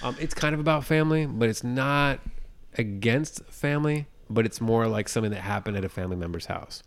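A man's voice: mid-range voice, brisk, slight background noise. A man co-hosting a podcast in casual chat, telling rambling stories and often checking in with "you know what I'm saying". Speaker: podcast co-host.

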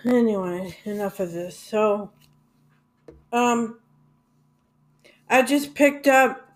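Woman, unhurried rambling music vlogger, filler-heavy and blunt. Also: on the high side. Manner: rambling, hesitant, many fillers and restarts; blunt, swears casually. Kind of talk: casual rambling monologue.

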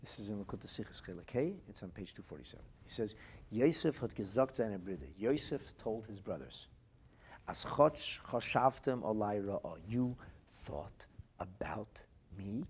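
A man's voice: lowish voice, animated, normal speed, darkish tone, husky. A man teaching a Torah class as a rabbi, reading phrases from classic texts aloud and translating them into plain speech. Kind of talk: lively text-based Torah lesson.

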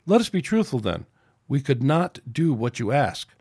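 A man's voice: mid-range voice, big pitch swings, moderate pace, a little mellow, slightly rough, no room sound, clean studio sound. A man reading aloud and voicing a stern male starship captain who speaks firmly and formally. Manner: firm, formal and reasoning.

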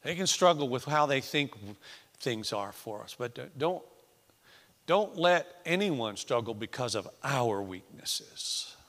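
A man preaching a sermon in a church, swinging between hushed, intimate lines and loud, emphatic ones. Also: mid-range voice, animated, slow pace. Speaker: pastor. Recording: echoey church hall.

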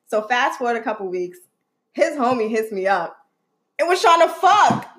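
A young woman co-hosting a casual podcast chat, telling animated stories with lots of laughter and quoted voices. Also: fairly high pitch, moderate pace. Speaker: podcast co-host.

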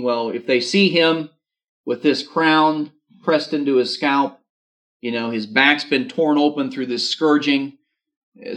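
A man's voice: fairly high pitch, a bit bright. A man preaching a sermon, reading scripture aloud and adding informal asides. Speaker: pastor.

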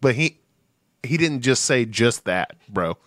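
A man's voice: mid-range voice, lively intonation, measured pace, a bit bright, no echo, studio quality. A man co-hosting a podcast in casual chat, rambling and swearing. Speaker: podcast co-host.

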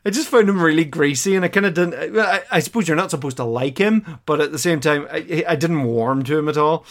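A man's voice: a little high, a little fast, a bit bright. Chatty, hesitant man recapping an episode. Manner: chatty and hesitant, lots of fillers, laughs as he talks. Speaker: podcast co-host watching a classic series for the first time. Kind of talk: casual chat, recapping an episode.

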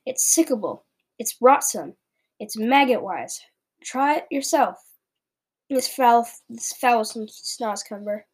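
A woman reading aloud from a children's book, giving voice to a very old, kindly male giant with a playful, drawn-out delivery. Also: on the high side, a little mellow. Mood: gleeful.

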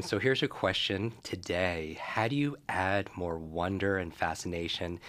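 Deep-voiced enthusiastic male podcast host. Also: measured pace, a bit bright. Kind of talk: casual interview chat.

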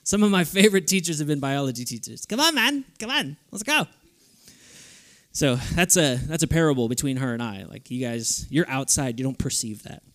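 A young man preaching a sermon to a youth group, lively and playful in his delivery. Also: mid-range voice, a little fast, hardly any pauses. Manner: lively, playful, switches into goofy voices for stories. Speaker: youth speaker.

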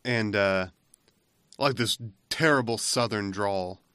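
Man, podcast co-host, casual rambling chat, fairly low voice, dry close sound. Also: slow pace, bright, forceful tone, clear, resonant tone, no room sound. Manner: rambling, laughs at his own retelling.

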